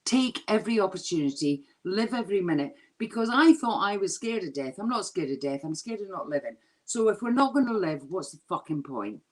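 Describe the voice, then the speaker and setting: A woman's voice: medium pitch, very animated, a little fast, few pauses. A woman comedian ranting and swearing in a drunken comedy chat over a video call. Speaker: comedian guest.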